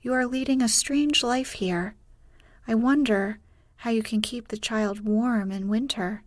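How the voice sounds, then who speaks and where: A kindly old village pastor pleads gently and earnestly, as a woman reads him in a bedtime story. His words come slowly and softly, with a close, dry sound. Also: a little high, no echo, close to an everyday voice.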